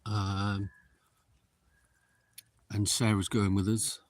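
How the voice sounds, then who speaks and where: Man, middle-aged, lowish voice, hushed, slow name calling, outdoor cemetery, handheld phone. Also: monotone. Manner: hushed, calling out names slowly to spirits. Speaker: paranormal investigator livestreaming. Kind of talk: casual live commentary. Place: large windy cemetery outdoors.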